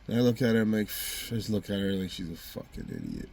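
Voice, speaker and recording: A man's voice: on the low side, wildly swooping pitch, quick pace, gravelly, a little mellow, a little hiss or hum. A man telling a heated, rambling personal story on his vlog, swearing constantly. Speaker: vlogger.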